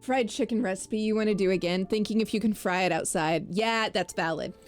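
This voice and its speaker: A woman chatting casually as co-host of a stream, relaxed and laughing often, bothered by hiccups. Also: medium pitch, a little fast, faint music behind. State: has the hiccups. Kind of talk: casual chat.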